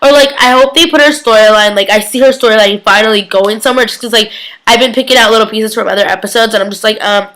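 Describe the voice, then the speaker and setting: A young woman with a slightly high voice talks straight to her viewers in a casual vlog recap. She rambles eagerly, dropping fillers as she retells the story. Her delivery stays loose and conversational throughout. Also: fast talker, fairly bright tone. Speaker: TV episode reviewer.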